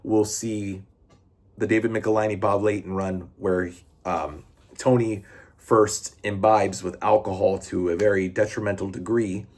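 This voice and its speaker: A man's voice: on the low side, level tone, unhurried, a little mellow. A man talking casually in a video review, rambling with many restarts and the odd swear word. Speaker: comic book reviewer.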